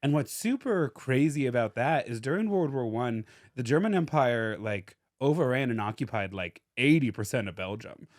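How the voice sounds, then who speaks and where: A man's voice: medium pitch, animated, normal speed, few pauses, no echo, clean studio sound. A young American man casually telling a true-crime story as a podcast co-host, full of "like" fillers. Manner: chatty, lots of "like" fillers and laughter.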